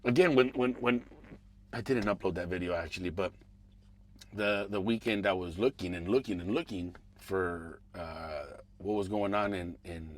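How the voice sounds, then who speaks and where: A man hosting a podcast. He rants casually and profanely about politics, muttering one moment and shouting the next. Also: low voice, normal speed, slight background noise. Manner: animated, profane, swings between mumbling asides and raised outbursts. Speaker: podcast host.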